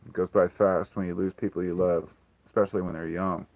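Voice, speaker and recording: A man's voice: sits low, flat delivery, a little fast, narrow, tinny audio. A man hosting a casual livestream Q&A, talking frankly and rambling, swearing freely. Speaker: livestream host.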